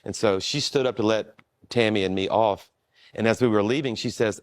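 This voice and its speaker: Male pastor, conversational storyteller, slightly low voice, dry sound, easygoing and self-mocking. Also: normal speed, no room sound. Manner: relaxed, self-deprecating, with frequent restarts.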